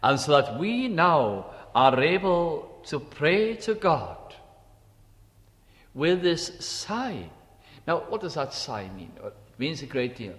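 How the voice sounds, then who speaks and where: A man preaching a sermon, slow and emphatic, repeating key phrases and dropping to quiet asides. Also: on the high side, big pitch swings, big-room sound.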